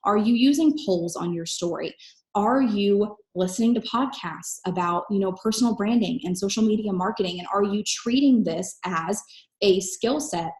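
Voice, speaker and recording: A woman coaching network marketers in an energetic, emphatic solo talk, recorded at home in her kitchen. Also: medium pitch, roomy sound. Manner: energetic, emphatic, fast-talking.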